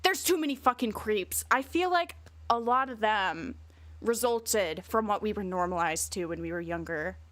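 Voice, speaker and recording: A woman's voice: mid-range voice, lively intonation, normal speed, fairly bright tone, no echo. A woman streamer chatting casually and bluntly, rambling and swearing a lot. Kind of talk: casual livestream chat.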